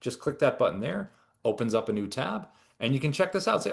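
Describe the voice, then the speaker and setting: A man giving a relaxed, chatty software tutorial as a product trainer. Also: mid-range voice, fairly quick, vocal fry. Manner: relaxed, chatty, with lively ups and downs. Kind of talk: casual screen-share tutorial.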